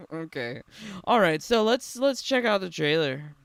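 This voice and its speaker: A man's voice: on the high side, sing-song, unhurried, creaky, heavy background noise. A young man giving casual, sarcastic reaction commentary on a game trailer, laughing often and filling his talk with "like". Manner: sarcastic, giggly, filler-heavy.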